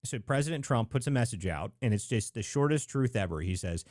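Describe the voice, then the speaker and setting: A male livestream host delivering casual political commentary in a medium-pitched voice. He rambles and repeats himself emphatically, leaning on filler words. The sound is close and dry, with no room around it. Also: lively intonation, fairly quick, darkish tone, no echo. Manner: rambling, emphatic, heavy use of "like".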